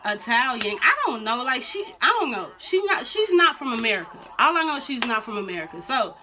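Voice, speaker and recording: A young adult woman vlogger telling a storytime in blunt, slangy, animated casual talk. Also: fairly high pitch, a little fast, crowd noise. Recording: music playing under the voice. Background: music.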